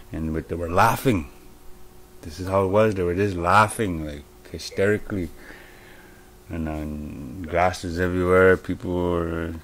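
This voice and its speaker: A man from Manitoba, Canada, gives a personal testimony about a vision. His voice sits very low. He tells it earnestly and haltingly, circling back over his words. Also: a little hiss or hum. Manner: earnest, halting, repeats himself as he recounts. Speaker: storyteller sharing a vision.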